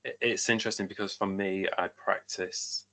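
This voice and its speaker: A man interviewing a guest, asking thoughtful, measured questions. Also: deep voice, fairly even intonation, pushed and bright.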